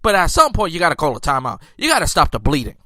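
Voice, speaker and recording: Heated high-voiced man ranting about basketball. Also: wildly swooping pitch, fast talker, bright, forceful tone, dry recording, clean studio sound. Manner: heated, repetitive restarts, incredulous outbursts. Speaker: sports podcast host. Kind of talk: casual sports commentary.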